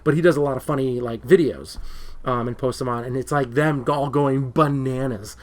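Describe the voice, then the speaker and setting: Male co-host, casual movie banter, rambling and excitable, mid-range voice. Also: mid-range voice, moderate pace. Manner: rambling, excitable when retelling stories. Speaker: podcast co-host.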